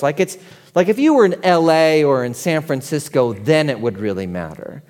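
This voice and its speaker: A man in his forties, a pastor preaching a conversational sermon that swings from quiet and tender to loud and excited. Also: a little high, normal speed. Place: church sanctuary. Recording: long hall reverb.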